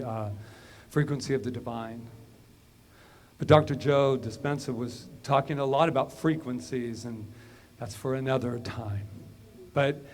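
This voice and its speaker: Storytelling male minister, faint room noise. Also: medium pitch. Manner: conversational and storytelling, drops to a hush when recounting inner moments. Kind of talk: sermon.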